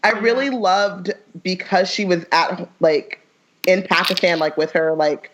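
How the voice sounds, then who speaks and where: A woman's voice: fairly low pitch, steady tone, measured pace. A woman chatting as a podcast guest, rambling and filling her talk with "like". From United States. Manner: rambling, lots of "like", laughs often. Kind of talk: casual chat. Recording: muffled lo-fi audio.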